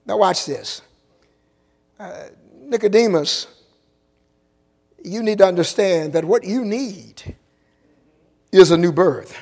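A man preaching an impassioned sermon in a church, shouting and stretching out his phrases. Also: high-pitched, animated, unhurried, creaky. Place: church sanctuary. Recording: long reverb in a large hall.

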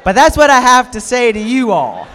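A man's voice: very high-pitched, moderate pace, a faint crowd, a little hiss or hum. A man preaching a sermon, telling jokey stories from his own life and acting out the dialogue. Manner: lively, jokey storyteller who acts out dialogue. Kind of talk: humorous storytelling sermon.

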